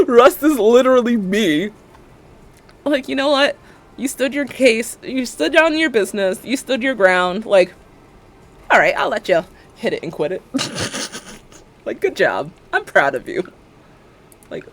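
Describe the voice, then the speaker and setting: A woman streamer chatting casually while building in a game, rambling, joking and laughing often. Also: a little high.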